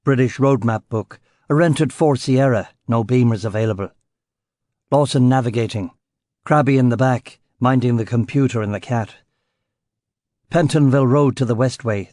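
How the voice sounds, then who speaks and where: A man's voice: medium pitch, warm tone, no echo, clean studio sound. A man reading a first-person detective novel aloud in clipped, terse phrases. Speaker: audiobook narrator.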